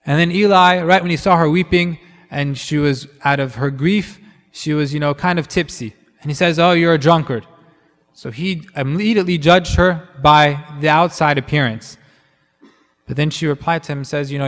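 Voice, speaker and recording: A man with a fairly high voice preaches a sermon in a loose, conversational way, full of fillers and restarts. His voice carries a long reverb, as in a large hall. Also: normal speed, fairly bright tone.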